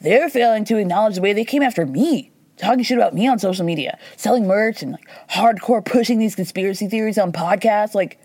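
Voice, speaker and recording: Woman, podcast host, chatty, sarcastic, dry close sound, mid-pitched voice. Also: mellow, no room sound. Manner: chatty, sarcastic, quick asides, mimics people she quotes. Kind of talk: casual recap commentary.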